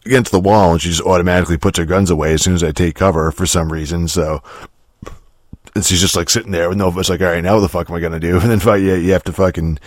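A man's voice: sits low, steady tone, fast, no echo, clean studio sound. A man casually reviewing a video game. He rambles, swears constantly, restarts his sentences and chuckles often.

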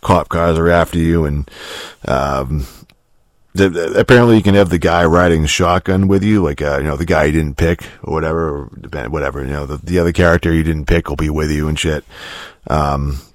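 Low voiced guy ranting about a game, swears a ton, lots of like and um, dry close sound. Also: fairly even intonation, a little fast, dry recording. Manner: profane, rambling, many fillers and restarts, chuckles often. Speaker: game reviewer. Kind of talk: casual rambling game review.

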